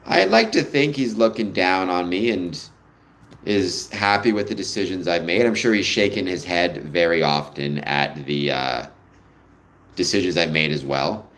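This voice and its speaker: A man's voice: low-pitched, animated, measured pace, fairly bright tone. A man hosting a livestream, chatting casually and answering viewer comments in a rambling way that drifts into personal stories. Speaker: livestream host.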